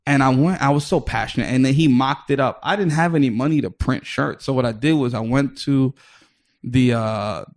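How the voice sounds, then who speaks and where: A man's voice: medium pitch, moderate pace. Rambling, foul-mouthed male comedian storyteller. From New York, the Bronx. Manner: rambling, restarts often, swears freely, acts out other people's lines. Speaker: podcast guest, comedian. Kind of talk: casual storytelling chat.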